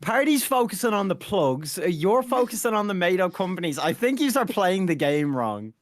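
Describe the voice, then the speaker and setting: A man's voice: high voice, big pitch swings, moderate pace, no room sound. Blunt, teasing man on a dry mic. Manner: teasing, blunt, swears freely. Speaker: podcast co-host. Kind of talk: casual podcast chat.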